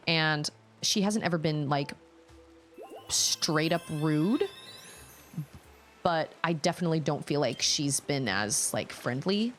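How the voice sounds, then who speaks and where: Woman streamer, 30s, low voice with big swoops, rambling self-conscious chat over faint game music. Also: lively intonation, takes it slowly. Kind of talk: casual storytelling while playing a game.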